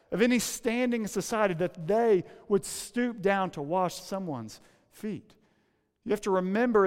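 A male pastor preaches with a notably high voice. He talks in a casual, joking tone and drops low and quiet to stress a point. His words ring out with long reverb, as in a large hall. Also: clean tone. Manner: conversational, humorous asides, drops low and soft for emphasis. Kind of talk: sermon.

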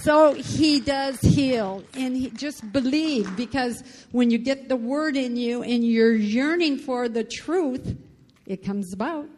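A woman's voice: sits high, slow pace, a little mellow, long reverb tail, a little hiss or hum. A woman giving a fervent testimony to a church congregation.

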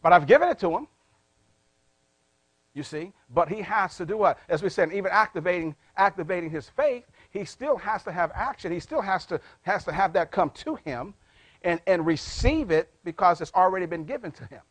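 A man preaching a sermon, asking his congregation questions and prompting them to answer, with big swings in loudness and pitch. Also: expressive, moderate pace, no echo. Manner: call-and-response questions to the congregation. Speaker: pastor.

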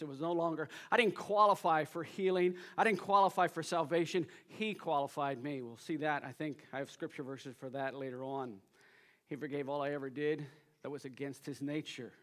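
A male pastor preaching a sermon to a live congregation, energetic and urging the listeners to respond, swinging between loud emphasis and quiet asides. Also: fairly high pitch. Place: church service before a congregation.

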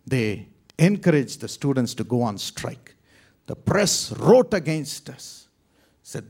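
Preaching a testimony sermon, a man from India tells his story dramatically, slipping from sudden loud outbursts into hushed, whispered passages. His mid-range voice is very animated, and he takes his time.

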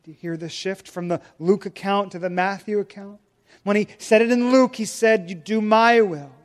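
A man preaching a sermon as pastor, swinging from loud emphatic lines to hushed quiet ones. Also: high voice, fairly even intonation, moderate pace, long reverb tail.

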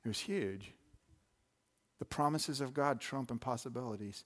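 A man's voice: medium pitch, moderate pace, a bit bright. A man preaching a sermon in a loose, conversational way, full of asides and restarts. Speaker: pastor.

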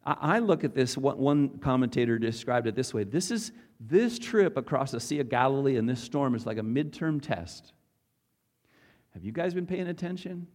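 A man's voice: mid-range voice, lively intonation, moderate pace, hardly any pauses, a little mellow. A man preaching a casual, conversational Bible teaching, asking his audience questions as he goes.

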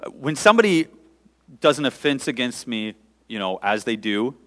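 A man's voice: medium pitch, big pitch swings, normal speed, fairly bright tone, long reverb tail. A man voicing an earnest male disciple who asks rambling questions, in a sermon.

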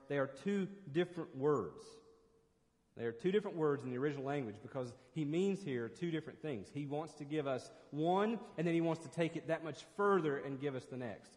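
A man preaching to his congregation with earnest emphasis, repeating and restarting phrases as he builds a point. His voice sits a little higher than most men's, and a long church-hall reverb trails behind each line. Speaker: pastor. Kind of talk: sermon.

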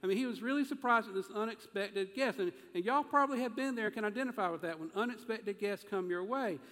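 A man preaching a sermon to his congregation, in a folksy, animated way, often acting out voices. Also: high voice, fast. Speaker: pastor. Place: church sanctuary. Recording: long reverb of a church sanctuary.

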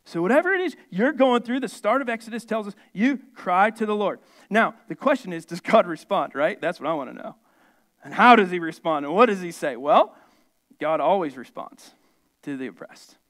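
A man preaching a sermon, swinging from emphatic, rising peaks down to quiet, low stretches. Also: animated, normal speed. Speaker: pastor.

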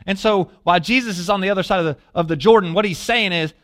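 A man preaching a sermon as a pastor, telling a story with lively asides and questions to the listeners, dropping to a hush when quoting prayers. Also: high-pitched, brisk. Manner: animated storytelling, asks the congregation questions.

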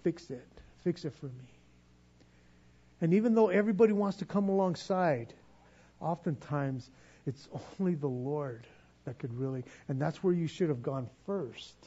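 A man's voice: on the high side, normal speed, dark tone, slightly rough, dull audio. A man preaching a sermon as pastor, earnest and pleading, often stumbling over repeated words.

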